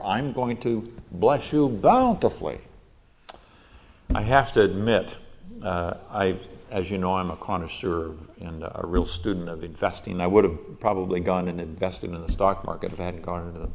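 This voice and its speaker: An older man, a pastor, works through a Bible passage verse by verse. His voice sits fairly low, and he reads the text before explaining it in an unscripted way. He pauses on fillers and restarts his sentences as he teaches. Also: a little mellow.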